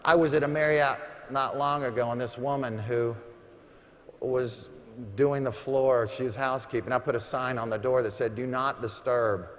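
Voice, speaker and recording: A man giving a brash, joking sales pitch to a live audience at a motivational seminar. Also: fairly even intonation, moderate pace. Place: large arena. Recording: long reverb of a large arena.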